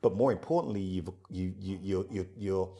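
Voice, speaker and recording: A middle-aged man, a rum ambassador, talking as a guest in a conversational interview, telling animated stories and laughing often. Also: low-pitched, normal speed, creaky. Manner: animated storyteller who acts out dialogue and laughs often.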